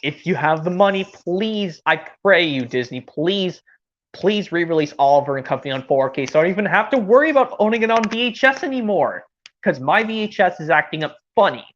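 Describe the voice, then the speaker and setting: Between voice impressions, this woman rambles enthusiastically in casual chat, her lowish voice brisk and full of big pitch swings. The lo-fi recording sounds dull.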